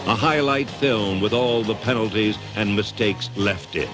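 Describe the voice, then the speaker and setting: A man giving dramatic, measured scripted documentary narration. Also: on the low side. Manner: dramatic, measured, emphatic delivery. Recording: narration over loud music score.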